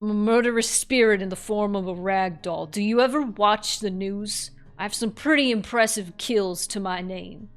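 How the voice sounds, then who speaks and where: A woman's voice: medium pitch, moderate pace, few pauses, lightly acted. A woman doing a brash New York rag doll spirit. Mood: gruff, exasperated. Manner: gruff, blunt and exasperated. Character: brash foul-mouthed murderous rag doll spirit, female.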